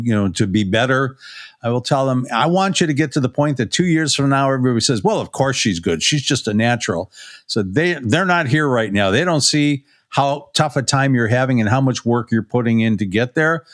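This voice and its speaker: A man, co-hosting a podcast as a pitching coach, telling coaching stories in a rambling way with many fillers. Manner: rambling, anecdotal, many "you know" fillers. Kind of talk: casual podcast chat, storytelling.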